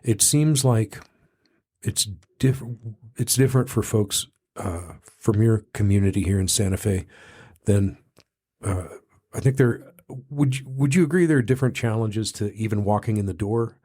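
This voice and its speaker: A man's voice: fairly low pitch, moderate pace. A man from Texas hosting a recovery podcast interview, telling a long folksy story with many restarts and self-deprecating asides. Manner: rambling storyteller, animated voices in quotes, self-deprecating. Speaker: podcast host. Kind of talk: casual interview. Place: small studio.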